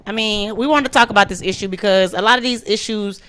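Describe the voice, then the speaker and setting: A woman's voice: mid-range voice, quick pace, a bit bright, smooth. A woman hosting a radio talk show, chatty and loose, cheering her guests on. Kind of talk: casual radio panel talk.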